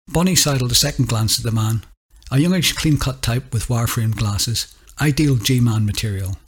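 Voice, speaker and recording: Husky male story narrator. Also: mid-range voice, normal speed, hardly any pauses.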